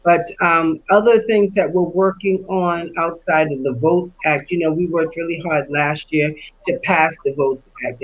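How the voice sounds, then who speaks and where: A woman speaking on a panel, explaining voting policy in an earnest, steady way with occasional fillers. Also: low-pitched, slightly rough, low-quality recording. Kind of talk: panel discussion remarks.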